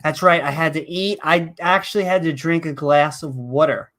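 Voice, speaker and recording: A woman's voice: low-pitched, steady tone, normal speed, fairly bright tone. A woman with a Northeastern US accent co-hosting a casual reaction show, talking in a sarcastic, rambling way over an online call mic. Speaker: co-host.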